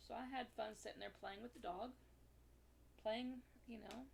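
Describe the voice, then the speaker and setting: Gravelly-voiced woman rambling through a story. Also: a little high, steady tone, normal speed, darkish tone, a little hiss or hum. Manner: rambling, full of "you know" fillers; chatty and amused. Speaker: crafting vlogger. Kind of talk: casual storytelling.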